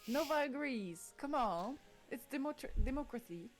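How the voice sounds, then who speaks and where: A woman's voice: high-pitched, lively intonation, normal speed, faint music behind. Playful woman co-streamer. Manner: playful, coaxing. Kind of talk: casual chat.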